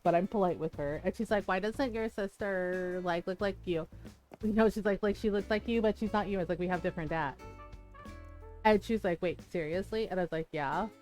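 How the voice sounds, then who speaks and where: A woman streamer chatting casually while playing a game, frank and quick to laugh, swearing freely and acting out the people in her stories. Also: mid-range voice, a little mellow. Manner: frank, swears freely, laughs often, retells dialogue animatedly. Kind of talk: casual chat while gaming.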